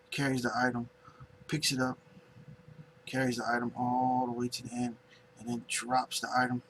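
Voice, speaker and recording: A man teaching finger drumming in a casual tutorial, unhurried and searching for words as he demonstrates on pads. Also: mid-range voice, gravelly, a bit bright, slight background noise, rough recording.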